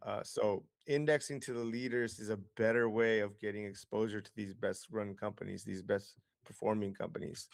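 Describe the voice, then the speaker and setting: Low-voiced man explaining investing. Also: fairly even intonation, normal speed, vocal fry, few pauses, no echo, studio quality. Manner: explanatory, data-heavy, frequent fillers and restarts. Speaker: investing guest. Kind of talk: conversational interview explanation.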